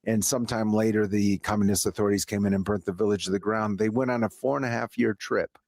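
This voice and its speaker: A man's voice: lowish voice, steady tone, fast talker, a little mellow, dry recording, clean studio sound. A man hosting a talk show, introducing his guest and recapping the story with many hesitations and light laughs. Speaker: radio talk host. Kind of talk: radio interview hosting.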